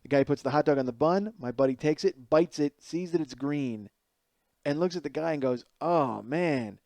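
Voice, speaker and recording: A man's voice: fairly high pitch, a little fast, no room sound. A middle-aged man hosting a podcast, telling a comedic story with lots of swearing and acting out the people he quotes. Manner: profane, animated, acts out quoted people. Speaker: podcast host.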